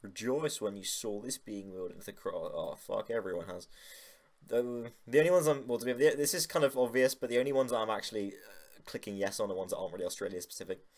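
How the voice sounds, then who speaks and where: A man's voice: fairly low pitch, fast talker, a little mellow. A young man making a casual vlog, rambling and joking with lots of swearing. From United Kingdom. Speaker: YouTuber.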